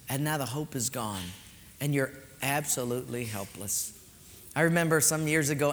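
A man's voice: a little high, fairly bright tone, slight background noise. A man preaching a sermon as a pastor, telling a story animatedly and acting out the dialogue. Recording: reverberant hall, faint ambience.

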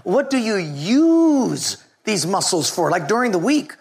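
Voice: medium pitch, very animated, measured pace, gravelly, husky, heavily acted. Preacher putting on a bewildered tv talk host guy, drawn out questions. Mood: incredulous. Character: incredulous male TV talk show host.

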